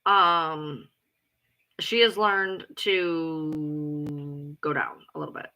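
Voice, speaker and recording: A woman rants casually to her followers in a very bright, forceful voice. She is blunt and profane and hammers her points home by repeating them. She talks like the loud, take-charge person she says she is. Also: deep voice, fairly even intonation, drawn-out words. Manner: blunt, profane and emphatic, often repeating herself; loud, self-described alpha female. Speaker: live streamer. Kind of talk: casual ranting chat.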